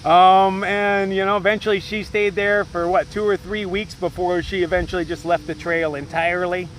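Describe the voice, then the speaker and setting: High-voiced man ranting, swearing freely. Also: steady tone, normal speed, a bit bright, slight background noise, rough recording. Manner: profane, agitated storytelling with many fillers. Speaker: solo trail hiker vlogger. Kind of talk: rambling casual rant.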